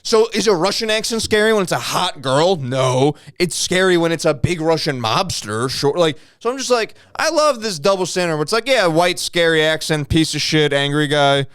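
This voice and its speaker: A man's voice: fairly high pitch, moderate pace, few pauses, smooth, no room sound, clean studio sound. A young man co-hosting a comedy podcast, rambling and swearing in casual banter. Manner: rambling, animated, swears freely. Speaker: podcast co-host.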